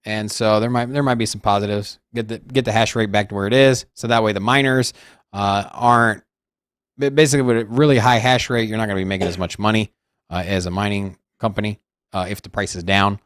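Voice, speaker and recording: A man co-hosting a casual crypto show who gives measured market opinions and thinks aloud. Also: fairly low pitch, steady tone, fairly bright tone, clear, resonant tone, dry recording, clean studio sound. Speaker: co-host of crypto news show.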